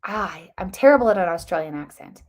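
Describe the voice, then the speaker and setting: A woman's voice: fairly low pitch, brisk. A middle-aged woman hosting a live political commentary stream, talking casually and animatedly with lots of restarts and fillers. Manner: animated, rambling, many restarts and fillers, addresses viewers as guys. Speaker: host of a political commentary livestream.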